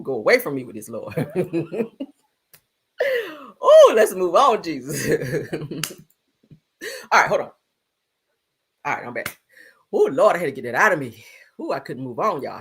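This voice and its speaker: A woman hosting a live stream, chatting casually and loudly, laughing often and throwing slangy asides to her viewers. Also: mid-range voice, husky. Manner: loud, laughing, animated gossip with slangy asides.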